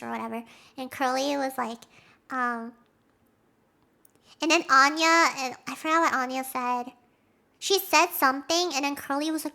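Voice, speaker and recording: High bright excitable young woman streamer. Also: normal speed. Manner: excitable rambling, acts out quotes, laughs often. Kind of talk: casual chat with stream viewers.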